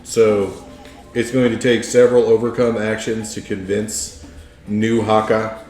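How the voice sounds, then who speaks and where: A man's voice: fairly low pitch, little pitch movement, measured pace, darkish tone. A man running a tabletop game as game master, explaining rules in a casual way. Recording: echoey room with faint music.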